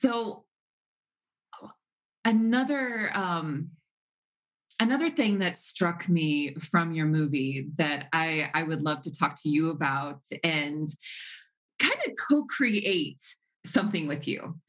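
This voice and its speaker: Low-voiced, enthusiastic woman podcast host. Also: lively intonation, slow, long pauses. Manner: warm, enthusiastic, laughs often. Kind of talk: casual conversational interview.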